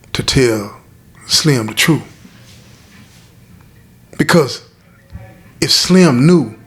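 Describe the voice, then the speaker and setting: A middle-aged man, a former inmate, telling a story in an emphatic, direct way and speaking straight to his listeners. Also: medium pitch. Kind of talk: casual storytelling.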